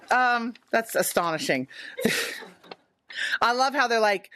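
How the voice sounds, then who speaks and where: A woman hosting a podcast, introducing the episode and reacting to a listener confession with giggles and animated exclamations. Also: on the high side, slow pace. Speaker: podcast host. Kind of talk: casual podcast chat.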